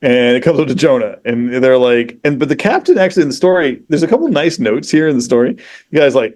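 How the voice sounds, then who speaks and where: A man with an ordinary mid-range voice talks in relaxed podcast conversation. He retells a story with lively energy and casual swearing, leaning on fillers like "you know" and "like." He slips into the voices of the people in the story as he goes. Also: mid-range voice, fast, dry recording. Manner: animated, profane, acts out quoted characters. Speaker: podcast guest.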